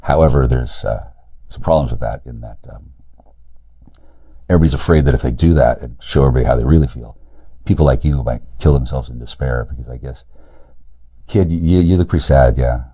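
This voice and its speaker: A man in a rambling, profane monologue, agitated and jumping between loud outbursts and low mutters. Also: slightly rough. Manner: profane, agitated, rapid loud and quiet swings. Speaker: streamer talking to camera.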